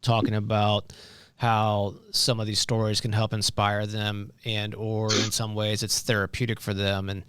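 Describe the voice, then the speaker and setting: A man hosting a podcast, responding to his guest in a calm, affirming way. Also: lowish voice, unhurried, clean tone, dry recording. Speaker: podcast host. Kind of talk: casual interview chat.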